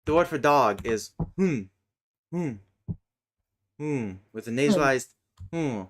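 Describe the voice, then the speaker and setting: A man streaming casually, thinking aloud as he works, muttering and humming to himself with many hesitant pauses. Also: mid-range voice, animated, slight background noise. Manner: mutters and hums to himself while working; slow, hesitant, with many fillers.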